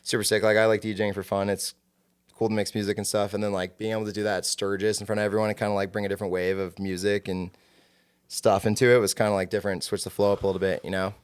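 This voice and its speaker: A man telling rowdy stories as a guest on a casual podcast, swearing a lot and acting out the shouted lines in them. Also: fairly low pitch, fast talker, clean tone. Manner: animated, profane, acts out shouted quotes. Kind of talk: casual storytelling chat.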